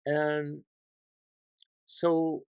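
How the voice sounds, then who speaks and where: A male tarot reader talks through the week's cards at a slow, unhurried pace. He is chatty, dropping to a hush and then rising into bursts of excitement. The room is dry, with no echo. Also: fairly high pitch, clean tone. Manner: chatty, dramatic swings between hushed and excited. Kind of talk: weekly tarot reading for each sign.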